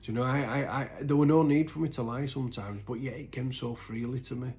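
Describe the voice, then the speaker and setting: A man telling his own story in an earnest, halting way, full of restarts, and sometimes sinking to a near-whisper. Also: mid-range voice, fairly even intonation, a little hiss or hum. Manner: sinks to a soft, breathy near-whisper at painful moments. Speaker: recovery vlogger. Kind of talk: personal confessional storytelling.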